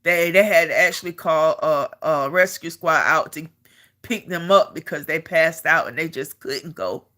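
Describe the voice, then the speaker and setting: A middle-aged army veteran with a bright, tense, low-sitting voice tells an army story at a moderate pace. She is animated and casual, repeating words and phrases and laughing as she talks, much like someone addressing a camera.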